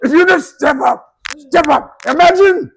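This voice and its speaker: A man imitating a fired-up male motivational speaker with a thick Brazilian accent, shouting and pleading. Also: extremely high pitch, measured pace, gravelly, a faint crowd, a little hiss or hum, pitched above the performer's own voice, exaggerated voice. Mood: hyped.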